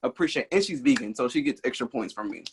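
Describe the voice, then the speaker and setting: A man's voice: mid-range voice, lively intonation, fast talker, a little hiss or hum. A man with a Southern Atlanta accent, a singer and songwriter guest who explains his views earnestly and thoughtfully in a casual interview.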